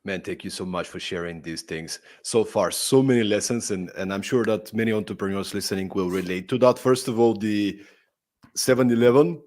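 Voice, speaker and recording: A man's voice: on the low side, a little fast, a little mellow. A man hosting a podcast interview, friendly and conversational, often tagging sentences with "right?" and "like". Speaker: podcast host. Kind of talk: casual interview.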